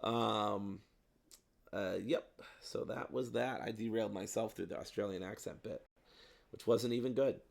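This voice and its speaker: A man with a lowish voice chats casually about the horror films he watched. He rambles, fills gaps with ums and throws in playful swearing. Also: fairly even intonation, measured pace, gravelly. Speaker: podcast co-host. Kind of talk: casual movie review chat.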